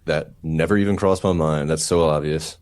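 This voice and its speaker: A man's voice: rumbling low, fairly even intonation, moderate pace. A man playing a tabletop game, chatting casually with wry jokes. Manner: wry, joking. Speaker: player. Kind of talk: casual chat. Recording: loud music behind. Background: loud music.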